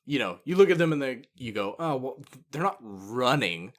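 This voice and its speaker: A man co-hosting a podcast in casual chat, relaxed and wry, often giving short replies. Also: mid-range voice, moderate pace. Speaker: podcast co-host.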